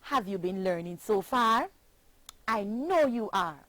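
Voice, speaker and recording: A woman with a Jamaican accent teaching a children's phonics lesson, speaking deliberately and spelling words out letter by letter. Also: medium pitch, expressive, a bit bright, dry recording, low-quality recording.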